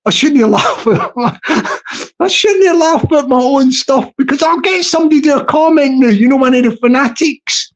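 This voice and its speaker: A man's voice: extremely high pitch, normal speed. Bloke rambling on a livestream, repeats himself a lot, chuckles at his own banter. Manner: rambling, repetitive, laughs at own jokes. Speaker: livestream host. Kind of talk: casual live stream chat.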